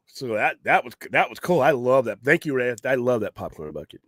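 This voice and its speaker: A man's voice: mid-range voice, very animated, a little fast, fairly bright tone, dry recording. A man hosting a late-night geek talk show, rambling casually with strong opinions, frequent restarts and some swearing. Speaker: podcast host.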